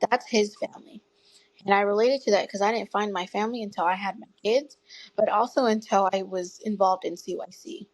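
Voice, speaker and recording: A woman in her thirties telling her story as an interview guest, earnest and tearful at times, with soft laughs. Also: medium pitch, fairly even intonation, fairly quick, dry recording, poor audio. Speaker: guest parent advocate. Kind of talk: emotional personal storytelling.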